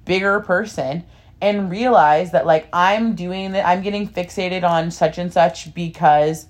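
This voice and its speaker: Young woman, podcast co-host, lowish voice, rambling, frank, casual chat. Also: a little slow. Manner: rambling, filler-heavy, candid.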